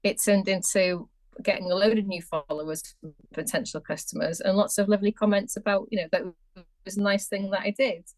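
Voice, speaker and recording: A woman, a business owner, chatting casually as a podcast guest. Her voice sits at a middling pitch, and she talks chattily, quoting other people as she goes. The recording is dry and close. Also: fairly even intonation, a little fast, no room sound. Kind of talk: casual chat.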